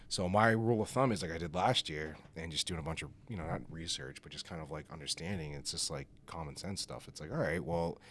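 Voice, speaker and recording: A man's voice: a bass voice, quick pace, hardly any pauses, fairly bright tone, slight background noise. A man guesting on a podcast, telling stories in a rambling, casual way full of fillers. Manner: rambling, filler-heavy storytelling with laughs. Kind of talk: casual chat.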